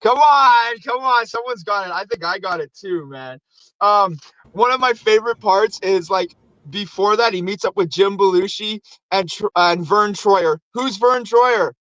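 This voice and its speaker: The show host speaks in a high voice at a normal pace; the audio is dull and has no room sound. He recaps a movie in a casual, swear-heavy way, animatedly acting out lines in raised voices.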